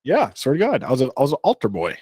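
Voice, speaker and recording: Playful male co-host, very animated delivery, dry close mic. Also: medium pitch, racing, slightly rough, dry recording. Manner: jokey, laughs often, playful. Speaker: podcast co-host. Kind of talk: casual chat.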